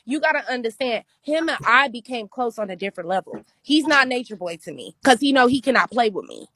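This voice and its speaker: A woman's voice: fairly high pitch, a little fast, few pauses, dry recording. A woman from New Orleans telling stories in casual chat, acting out the voices of the people she quotes. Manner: animated storytelling, acts out quoted voices. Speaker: guest.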